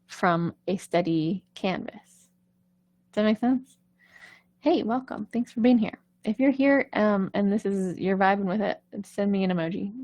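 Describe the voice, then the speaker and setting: A woman's voice: mid-range voice, a little mellow, no echo. A woman vocal coach talking casually on a live stream, chatty and reassuring, often checking in with "right?".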